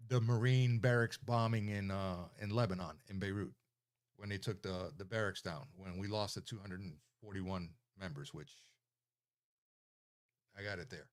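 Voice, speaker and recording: A man's voice: medium pitch, clear, resonant tone. Man in his 60s, veteran streamer, casual storytelling, rambling, profane, fillers. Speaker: livestreamer and military veteran.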